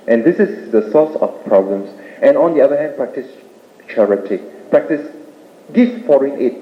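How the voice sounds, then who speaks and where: A man giving a Buddhist Dharma talk, explaining points with rhetorical questions and tag-ending "eh?". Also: medium pitch. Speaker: Buddhist speaker. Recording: tinny roomy old tape with faint hiss.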